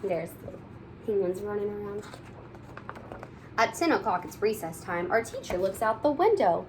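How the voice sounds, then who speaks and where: A woman's voice: mid-range voice, normal speed, creaky, a little hiss or hum, poor audio. A young woman teacher reading a picture book aloud to kindergarten children in a playful storytelling manner.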